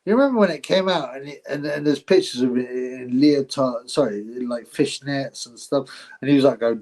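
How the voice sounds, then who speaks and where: A man's voice: medium pitch, lively intonation, brisk, poor audio. A man hosting a live boxing stream, chatting casually, rambling, laughing often and thanking his viewers.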